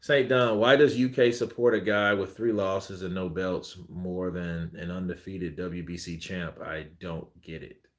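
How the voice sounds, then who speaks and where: A man's voice: sits low, steady tone, a little slow, hardly any pauses. Joking man hosting a live stream. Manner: loose, joking, laughs often, drifts off topic. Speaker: boxing channel host. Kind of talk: casual live-stream chat reading comments. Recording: roomy echo.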